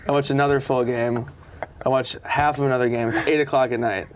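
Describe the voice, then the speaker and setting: A man's voice: mid-range voice, fairly even intonation, fast, noisy background. A man casually telling a story about waiting at a bar, laid-back and swearing freely.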